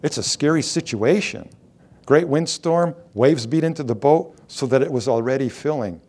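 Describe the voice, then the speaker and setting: A man's voice: medium pitch, moderate pace, a little mellow. A middle-aged man preaching a sermon, asking rhetorical questions and reading scripture aloud.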